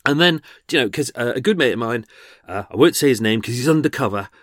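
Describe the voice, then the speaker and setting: A man talks through his podcast in a loose, rambling monologue, doubling back and restarting his sentences. His voice sits at an ordinary middle pitch. The recording is dry and close, with no room sound. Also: animated, fast, dry recording. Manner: rambling and chatty, restarts and self-corrections. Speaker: podcast host.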